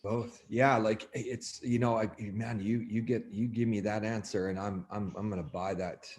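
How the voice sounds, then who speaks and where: A man, an athletic coach, talking on a podcast, telling stories in a lively way full of fillers and restarts. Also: lowish voice, normal speed. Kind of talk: podcast conversation.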